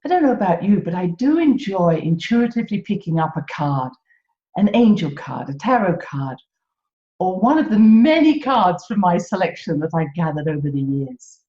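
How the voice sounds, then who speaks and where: British woman podcast host, low voice, gentle and wry, echoey room, dull lo-fi sound. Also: big pitch swings, moderate pace. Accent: British English. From Britain. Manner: gentle, self-mocking, laughs often. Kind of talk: reflective solo podcast talk.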